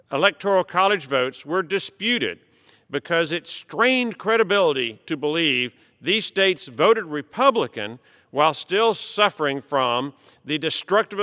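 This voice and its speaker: A middle-aged man, a congressman, giving a formal prepared speech from the floor in a measured, emphatic way. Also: high voice, sharp tone, clear, resonant tone. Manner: measured, emphatic delivery of a written text. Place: large legislative chamber. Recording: long reverb of a large hall.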